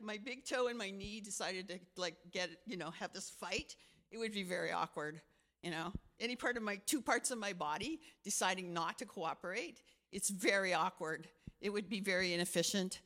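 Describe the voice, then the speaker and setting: A middle-aged woman pastor giving a conversational sermon, telling a personal story and acting out the voices in it. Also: medium pitch. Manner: animated storytelling with acted-out quotes.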